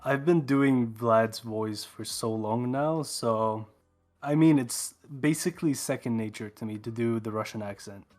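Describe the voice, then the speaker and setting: A man's voice: medium pitch, measured pace, darkish tone, faint music behind. Voice-changed man, Swedish native speaker. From Sweden. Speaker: guest. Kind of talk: casual interview chat.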